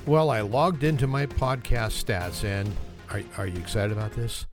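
Over loud music, a man hosts his own podcast solo, chatting casually and joking at a moderate pace in a lowish, animated voice. He mocks himself and chuckles often as he goes.

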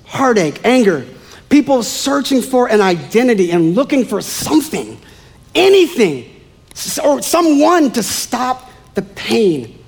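A man preaching a sermon in an animated, conversational way, with playful asides to the congregation. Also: very high-pitched, measured pace, creaky, breathy edge.

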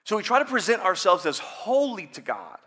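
A man's voice: sits high, wildly swooping pitch, a little fast, pushed and bright, breathy edge. A man in his thirties preaching a sermon in a conversational, joking way, acting out prayers. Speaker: pastor.

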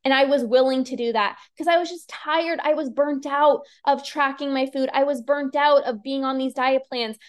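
Woman, high voice, earnest coach, casual podcast talk, lots of fillers. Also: steady tone, normal speed, few pauses. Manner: earnest, many fillers like "like" and "you know". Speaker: binge eating coach and podcast host.

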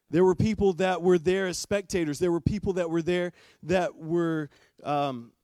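A man's voice: fairly high pitch, warm tone, no room sound. A man preaching a sermon as pastor in a church. He talks conversationally and asks the congregation direct questions.

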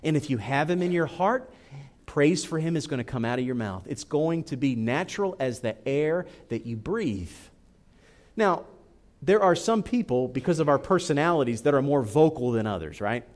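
A male pastor delivering a sermon in a slightly raised voice. He climbs high and loud when he acts out anguished prayers, then sinks low and soft to drive a point home. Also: lively intonation, normal speed.

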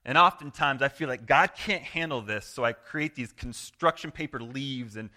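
Male pastor, sermon, conversational and earnest, loud then hushed, clear bright tone. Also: medium pitch, moderate pace. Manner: acts out quoted prayers and replies in voice.

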